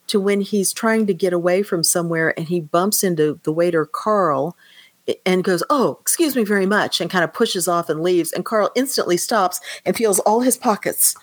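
A woman's voice: lowish voice, moderate pace, dry recording. A woman co-hosting a podcast, chatting casually about a film and retelling scenes with acted quotes and frequent laughs. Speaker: podcast co-host.

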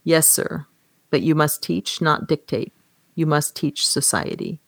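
A woman reading out the lines of a calm, wise male bartender robot in a measured, matter-of-fact way, close to her own voice. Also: deep voice, vocal fry, no echo, full character voice.

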